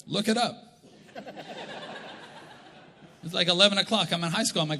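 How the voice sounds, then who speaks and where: A middle-aged man with a Canadian accent preaches in a big church hall, his bright, slightly raised voice ringing with reverb. He tells jokes and acts out the voices of family members as he goes. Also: high voice, normal speed, creaky, slight background noise. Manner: animated, jokey, acts out quotes. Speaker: pastor. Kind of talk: humorous sermon storytelling.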